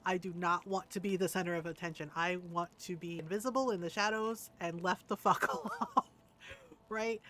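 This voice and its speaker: A woman's voice: fairly low pitch, normal speed, fairly bright tone, a little hiss or hum. A woman streamer chatting candidly over gameplay, laughing often and swearing casually.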